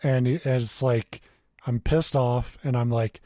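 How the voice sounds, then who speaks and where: A man's voice: mid-range voice, steady tone, slow pace, mellow, dry recording, clean studio sound. A man co-hosting a podcast, chatting loosely, swearing and laughing, and reading a horror story aloud in a plain voice. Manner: swears freely, laughs often, reads quoted dialogue plainly. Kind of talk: casual chat and story reading.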